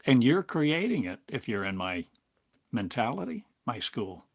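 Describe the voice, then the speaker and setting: An older man giving a slow, halting spiritual monologue as a teacher, speaking in drawn-out phrases with long pauses. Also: mid-range voice, sing-song. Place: home in a small town, drinking coffee.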